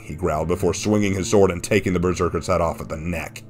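Deep-voiced man reading a story. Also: steady tone, fast talker, darkish tone. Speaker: narrator. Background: faint background music.

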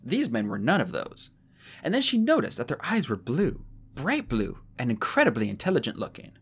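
A man reading an audiobook aloud in an expressive way, with occasional slips. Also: medium pitch, normal speed, breathy edge. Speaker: audiobook narrator.

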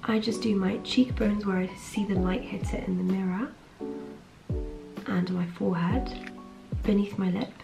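At home getting ready, a twentysomething Londoner who is a trainee surgeon and vlogger chats cheerfully, saying "like" a lot. Her groggy morning voice is mid-range, gravelly and steady at normal speed, with long pauses, background music, and a rough recording.

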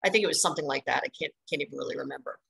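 A middle-aged woman presenting a training webinar on dog playgroups, talking in an energetic, chatty way and stressing her points with repeated words. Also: deep voice, racing, vocal fry, slightly rough, poor audio. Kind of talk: instructional webinar talk.

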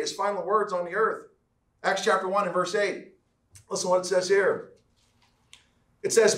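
A man preaching a sermon as pastor, emphatic and repetitive, slowing down to stress key words. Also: sits high, fairly bright tone, roomy sound, distant mic. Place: church sanctuary.

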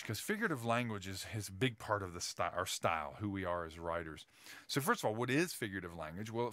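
A man's voice: lowish voice, fairly bright tone, no echo. A male teacher giving a casual writing lecture, full of fillers and restarts, often checking in with "right?".

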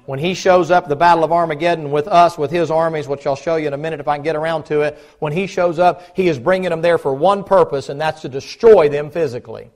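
Man, pastor, slightly high voice, dramatic sermon that jumps from yelling to low sarcasm. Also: fast, hardly any pauses. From United States. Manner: dramatic, swings from shouting to mocking mutters. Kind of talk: fiery sermon. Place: church sanctuary.

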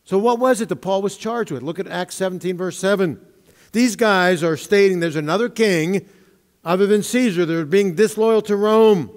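A man preaching a sermon as pastor, with emphatic, drawn-out stresses and humorous asides, in a church sanctuary. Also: high voice. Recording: long reverb of a church hall.

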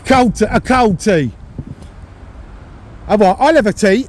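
A man filming outdoors with a handheld camera, shouting and mockingly taunting the person in front of him. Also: high-pitched, lively intonation, unhurried, long pauses. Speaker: YouTube auditor filming. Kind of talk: confrontational street filming. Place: outdoors by an office building.

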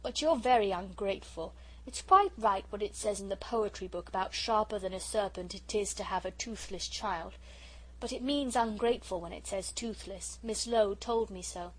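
A woman reading an audiobook, voicing a pouty, indignant young girl who is quick to tears. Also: a little high, darkish tone, natural voice, rough recording. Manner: pouty, indignant, sobbing at times.

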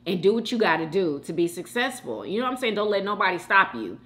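A woman from Houston, hosting a mukbang and chatting warmly and emotionally with viewers in the chat. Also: mid-range voice, big pitch swings, fast. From Houston, Texas. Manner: chatty and emotional, calls viewers girl and sis. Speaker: mukbang host reading live chat. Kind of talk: casual chat.

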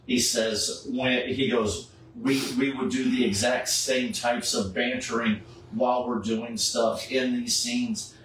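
In a mid-range voice, slow yet with hardly any pauses, a middle-aged man who cosplays Superman for charity casually tells a story. He's animated and acts out the people he quotes. The recording is echoey, distant from the mic, with faint background noise.

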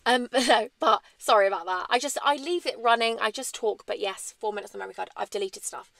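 A woman's voice: medium pitch, quick pace, vocal fry, fairly bright tone, dry recording. A woman, chatting candidly in a rambling, emotional sit-down vlog. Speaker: vlogger.

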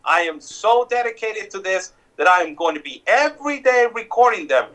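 A man from Mexico, calling in to a talk show, speaking forcefully and defiantly and repeating phrases for emphasis over a phone connection. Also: sits high, expressive, moderate pace, poor audio. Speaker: guest border reporter. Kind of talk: call-in interview. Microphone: phone or Skype call.

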